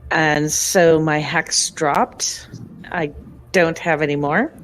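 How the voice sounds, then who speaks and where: A woman's voice: low voice, steady tone, slow, faint music behind. A woman playing a tabletop game, talking casually and hesitantly with many ums. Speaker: player.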